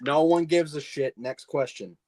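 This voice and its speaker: A man cuts a heated, mock-heel promo on a podcast roundtable, all bravado and challenge. His voice sits a little higher than most men's, and he hammers each point home with swagger. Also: a little slow, crowd noise. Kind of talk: heated wrestling-promo rant.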